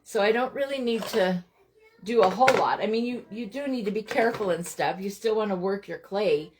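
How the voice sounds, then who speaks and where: A woman's voice: mid-range voice, brisk, noisy background. A middle-aged woman from Montana hosting a live craft stream from home, chatting as she works and greeting viewers by name. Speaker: craft livestream host.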